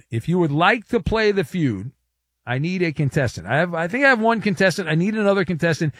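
A man's voice: sits high, big pitch swings, a little fast, fairly bright tone, no room sound, clean studio sound. A man hosting a late-night sports talk radio show, wry and teasing, with rambling asides. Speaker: radio host. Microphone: studio microphone.

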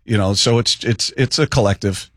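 Man, sports radio co-host, casual opinionated talk, lowish voice, dry close mic. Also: moderate pace, no echo. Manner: opinionated, animated, talks through scenarios.

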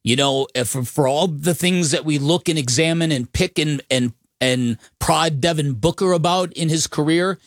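A man's voice: on the high side, normal speed, few pauses, no echo. A man co-hosting a studio sports talk show, chatty and emphatic, often restarting his sentences. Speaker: sports radio co-host. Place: radio studio. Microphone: studio microphone.

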